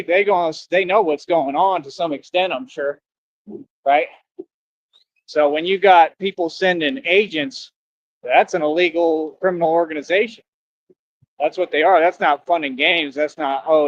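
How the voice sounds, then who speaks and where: A man's voice: a little high, dull audio. A man livestreaming outdoors from the street, ranting in a boastful, taunting way, full of slang.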